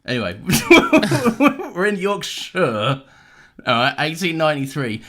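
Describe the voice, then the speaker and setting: A man co-hosting a podcast, recapping in casual chat. His voice sits a little high and moves around a lot. He is playful and giggly. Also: huge pitch swings, normal speed, fairly bright tone. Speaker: podcast co-host.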